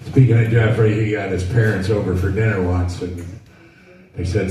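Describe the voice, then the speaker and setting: A man's voice: on the low side, steady tone, normal speed, dark tone. A man in his sixties doing a stand-up routine in a dry, rambling storytelling way. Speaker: stand-up comedian. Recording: echoey venue, mic from far off, faint noise.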